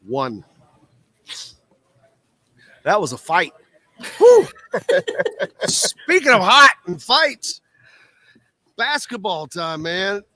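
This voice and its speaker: Midwestern male radio host, lively pitch, bright voice, excitable banter. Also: extremely slow, pauses often, no echo. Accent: American Midwest. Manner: animated, exclaiming through a spicy shrimp challenge. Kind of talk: live sports radio banter. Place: radio broadcast set at a live event.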